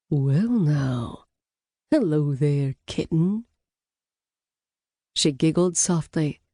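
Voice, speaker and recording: Slow, low-voiced woman narrating an audiobook. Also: mellow, dry recording, clean studio sound.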